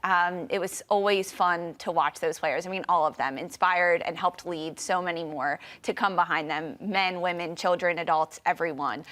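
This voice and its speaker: A woman's voice: lowish voice, fairly even intonation, moderate pace, few pauses, fairly bright tone. A woman hosting a sports talk show, reading news items and passing questions to her panelists. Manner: reads news segments, then throws to panelists. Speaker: host.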